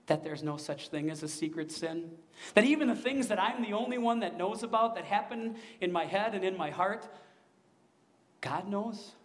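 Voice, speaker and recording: A man with a high voice preaches a sermon. He speaks earnestly and keeps turning to his listeners with questions. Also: in a large hall. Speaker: pastor.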